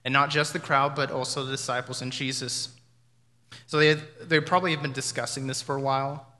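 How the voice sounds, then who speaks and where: A man delivers a sermon in a bright, forceful voice, talking it through conversationally and reflectively. His words carry a long reverb, as if spoken in a large hall. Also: medium pitch, level tone, brisk. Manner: conversational, reflective, with imagined dialogue. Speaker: pastor.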